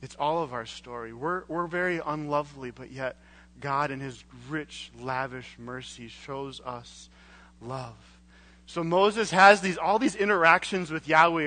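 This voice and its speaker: A young man preaching a casual, conversational sermon in church, chatty and relaxed with frequent fillers. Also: on the high side.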